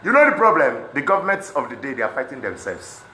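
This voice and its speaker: A Nigerian man with a Pidgin-inflected accent, speaking in an impassioned monologue that swings between loud outbursts and low muttering. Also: sing-song, fast talker, a little hiss or hum. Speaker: celebrity speaking on protests. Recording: echoey room.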